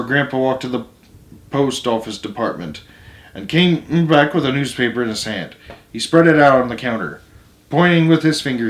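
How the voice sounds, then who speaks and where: A man reads a novel aloud in a mid-pitched voice, steady and plain, fixing small slips as he goes. His voice carries a roomy echo. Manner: plain steady reading with small self-corrections. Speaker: storyteller.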